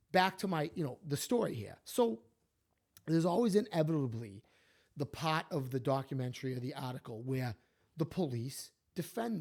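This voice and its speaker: A man, co-hosting a podcast, telling stories and opinions in an animated, emphatic way. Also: mid-range voice. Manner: animated, emphatic, repeats himself. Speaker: podcast co-host. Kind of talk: casual opinionated storytelling.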